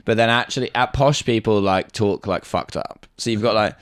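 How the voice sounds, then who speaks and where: A man with a southern English accent talks in a relaxed, joking podcast chat and laughs often. His voice sits very low. The sound is dry and close, with almost no room in it. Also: normal speed, clear, resonant tone, dry recording. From England. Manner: laid-back, laughs often, swears casually. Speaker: podcast host. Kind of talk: casual chat.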